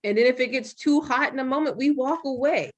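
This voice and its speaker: A young adult woman hosting a podcast, talking frankly and with some profanity in an animated, storytelling way. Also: high voice, fairly quick. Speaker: podcast host. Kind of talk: candid podcast conversation.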